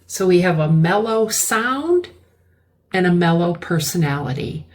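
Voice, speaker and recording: A woman teaching English vocabulary, explaining words slowly and repeating key terms. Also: on the low side, lively intonation. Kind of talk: slow classroom-style vocabulary lesson.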